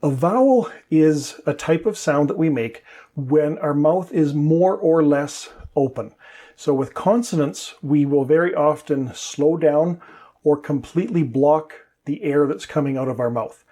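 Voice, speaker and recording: Male English teacher, slightly high, husky voice, patient step-by-step explainer. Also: a little slow, dark tone.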